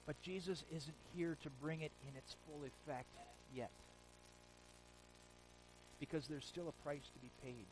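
A man preaching a sermon, retelling scripture stories in a lively, casual modern way. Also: fairly high pitch, poor audio. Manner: animated storytelling, paraphrasing scripture in casual modern speech.

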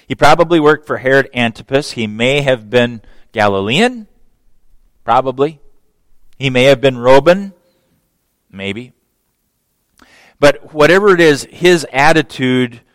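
A man's voice: medium pitch, no room sound. A man preaching a sermon who acts out scripture dialogue, raising his voice for the quoted characters.

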